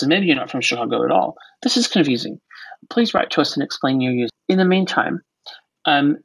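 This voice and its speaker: A casual podcaster in their forties, from the United States, with an accent blended from American and Australian speech. The voice is gravelly and a little husky, and it rambles, jokes and fills gaps with ums. The sound is dry and close. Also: mid-range voice, no echo, poor audio. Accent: mixed American and Australian. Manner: rambling, joking, lots of fillers. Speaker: podcast co-host.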